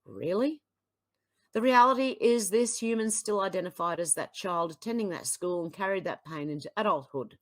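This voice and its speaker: An Australian woman reading out social media posts and reacting to them bluntly, with frequent exasperated sighs and sudden sharp retorts. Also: mid-range voice, moderate pace. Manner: exasperated, blunt, swings between sighs and outbursts. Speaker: political commentary vlogger.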